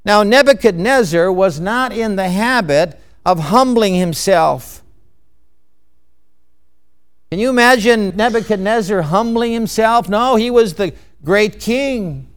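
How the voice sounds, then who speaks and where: Slow, clear-voiced preacher man. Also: high voice, expressive. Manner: emphatic, measured preaching with rhetorical questions. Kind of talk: sermon.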